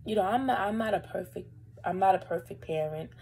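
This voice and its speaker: A woman's voice: medium pitch, brisk, a little mellow, slight background noise, poor audio. A young woman vlogger telling a personal story to camera in a rambling, casual way, fighting back tears at times. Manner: emotional, holding back tears; rambling, lots of fillers.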